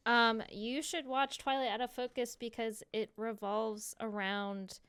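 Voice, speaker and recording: A woman's voice: a little high, fairly even intonation, measured pace, a bit bright, clean tone, no room sound. A woman co-hosting a podcast in casual chat, trading mock-exasperated, laughing banter with her friends. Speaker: podcast co-host.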